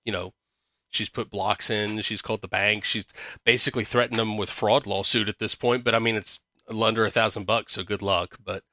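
A man's voice: on the low side, steady tone, brisk, sharp tone, a little hiss or hum. A man hosting a podcast, chatting casually and reading news articles aloud, swearing freely with a sarcastic, ranting manner. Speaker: podcast host.

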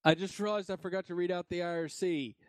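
A man's voice: high voice, fairly even intonation, fast talker, very noisy. A man hosting a casual podcast, rambling in a laid-back way and swearing now and then. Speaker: podcast host. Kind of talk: casual chat.

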